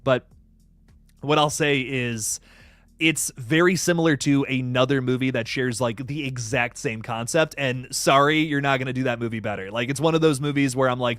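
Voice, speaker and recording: A young adult man, hosting a casual live stream and chatting in an excitable, rambling way with many fillers. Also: medium pitch, moderate pace, no echo. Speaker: horror news streamer.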